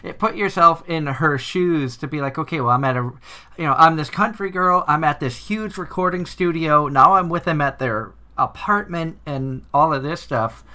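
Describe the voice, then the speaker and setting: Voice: mid-range voice, moderate pace, sharp tone. A podcast host asking long, rambling questions full of fillers. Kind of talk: interview questions.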